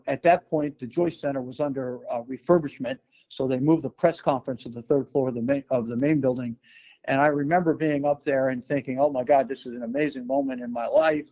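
A man's voice: medium pitch, highs cut off. Older man telling a long anecdote. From New York. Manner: relaxed anecdotal telling with many fillers and restarts. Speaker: guest. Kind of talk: storytelling interview.

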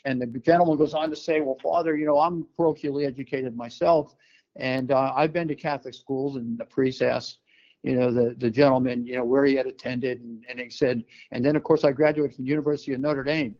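An older man from New York telling a personal story as an interview guest, relaxed, with many fillers and restarts. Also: mid-range voice, fairly quick, dull audio.

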